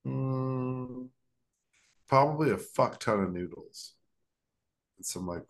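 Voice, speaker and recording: A man's voice: medium pitch, animated, takes it slowly. A young man co-hosting a podcast, chatting casually and rambling through silly scenarios with frequent laughs. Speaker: podcast co-host.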